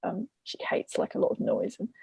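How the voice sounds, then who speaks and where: A woman's voice: a little fast, darkish tone, no echo. A woman, a parent, chatting casually as a podcast guest and retelling a story from home with quoted voices. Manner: many fillers and restarts. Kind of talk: casual conversation.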